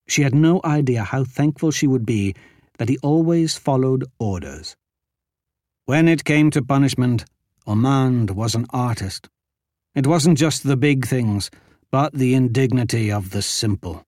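Male audiobook narrator, slow and animated delivery, dry studio sound. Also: mid-range voice, no echo.

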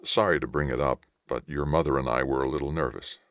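Man doing a soft hesitant dad, super low voice, dry sound. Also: steady tone, quick pace, dry recording. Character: middle-aged father, nervous but kind.

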